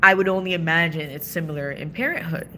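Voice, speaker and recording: This Toronto vlogger in her thirties has a Canadian accent and a Caribbean background, and she chats candidly in a casual vlog, laughing often and tossing in slangy asides. Her voice is low and sharp, she talks quickly, and there's a slight hiss or hum on the recording.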